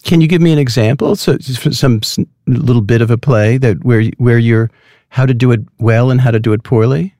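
Guy interviewer, gravelly voice, pitch jumps all over, dry close mic. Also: fairly even intonation, brisk, warm tone, dry recording. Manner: curious, probing questions.

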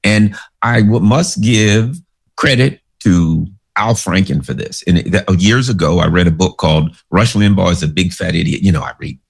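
A man's voice: deep voice, normal speed, creaky, breathy edge. A man giving casual political commentary, rambling through sarcastic anecdotes.

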